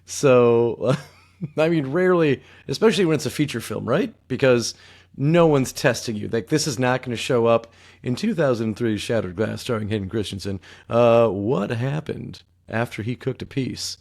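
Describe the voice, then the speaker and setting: A man's voice: mid-range voice, normal speed, creaky, darkish tone. A man in his thirties co-hosting a podcast, chatting casually about a film with dry joking asides. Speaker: podcast co-host. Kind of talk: casual movie review chat.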